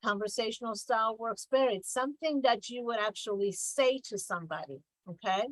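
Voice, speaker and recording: A middle-aged woman coaching a group online, speaking in a slightly high voice. She talks conversationally and puts stress on key words. The sound is close and dry, with no room echo. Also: fairly quick. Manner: conversational, emphatic, reads examples with mock exaggeration. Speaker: business coach. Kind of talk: online workshop presentation.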